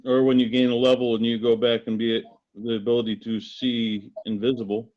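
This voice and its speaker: A man's voice: medium pitch, little pitch movement, brisk, highs cut off. A man playing a tabletop game, thinking through plans aloud. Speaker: player. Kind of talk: casual game table chat.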